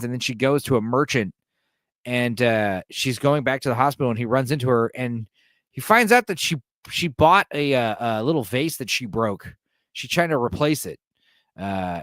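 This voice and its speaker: A man on his podcast walks through a film's plot in a loose, rambling way, with plenty of "uh" and "you know." His voice sits at an ordinary middle pitch. The recording is dry and close, with no room sound. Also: dry recording. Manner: loose, rambling, filler-heavy. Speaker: podcast host. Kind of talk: casual film retelling.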